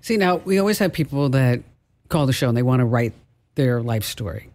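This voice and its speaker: A woman's voice: very deep voice, animated, brisk, a little mellow. A woman hosting a radio show, chatty and laughing easily. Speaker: host. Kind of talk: casual radio show chat.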